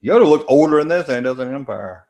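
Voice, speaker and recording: Animated and fast-talking, a man with a warm, mid-range voice riffs over a movie on a late-night stream from a room at home. Despite the energy, his manner is laid-back and rambling, full of jokey asides as he reads chat aloud.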